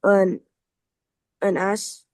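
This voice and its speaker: A man's voice: sits high, level tone, extremely slow, a little mellow, dry recording, poor audio. A man reading aloud in a Bible class, stumbling over words and restarting often.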